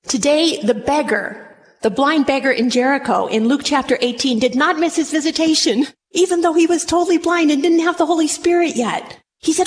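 High-voiced woman preaching in a reverberant hall. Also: brisk. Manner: dramatic, acts out scripture voices. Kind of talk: sermon. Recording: long hall reverb, faint noise.

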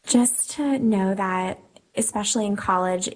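A woman's voice: medium pitch, a little slow, low-quality recording. A woman who is a guest on a faith talk show, speaking earnestly and encouragingly.

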